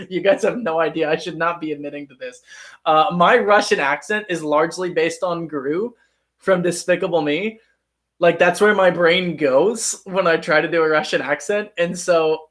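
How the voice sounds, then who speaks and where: A man's voice: on the high side, a bit bright. A man, a professional actor, chatting casually on a livestream, answering viewers and poking fun at himself. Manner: chatty, self-deprecating, reads and answers chat. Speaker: actor and streamer.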